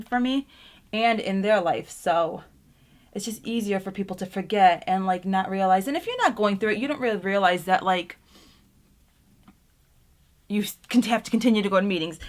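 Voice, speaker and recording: A young woman with a mid-range voice chats casually in a get-ready-with-me vlog while doing her makeup at home. She rambles, using plenty of fillers, as she talks about feeling grateful, sometimes close to tears.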